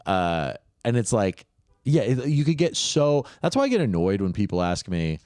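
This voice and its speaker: A man's voice: on the low side, moderate pace, no room sound, clean studio sound. A young man co-hosting a comedy podcast, talking casually and slipping into mocking voices. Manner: animated, mimics people in quoted voices. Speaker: podcast co-host.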